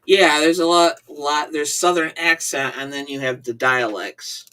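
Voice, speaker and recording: A woman's voice: low voice, unhurried, sharp tone. A woman with a Midwestern American accent, co-hosting a casual chat, teasing and reading out comments. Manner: chatty, teasing, reads viewer comments aloud. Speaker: co-host. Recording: voice a bit far from the mic.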